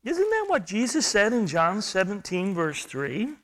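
A man preaching a verse-by-verse sermon, explaining grammar and repeating phrases for emphasis, swinging between loud stressed words and quiet, low asides. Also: wildly swooping pitch, unhurried. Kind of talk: expository sermon.

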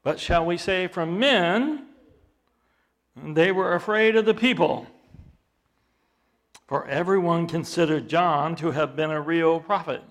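Slow, gravelly preacher man. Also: on the high side. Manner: reads scripture aloud with dramatic emphasis; slow and deliberate, with rising intensity. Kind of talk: expository sermon.

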